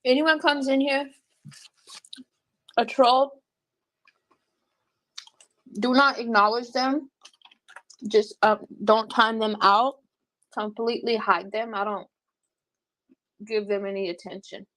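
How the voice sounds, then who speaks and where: A woman livestreaming and reading her chat, talking bluntly with lots of cursing and quick laughs. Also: on the high side, fairly even intonation, a bit bright, dry recording. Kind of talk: casual livestream commentary.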